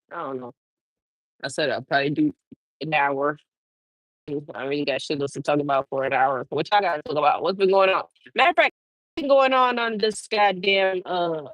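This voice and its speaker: A woman's voice: on the low side, no echo, poor audio. A woman hosting a casual livestream, talking loosely with her chat, swearing freely and laughing often. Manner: loose, profane, laughing, talks back to chat. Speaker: trucker livestream host.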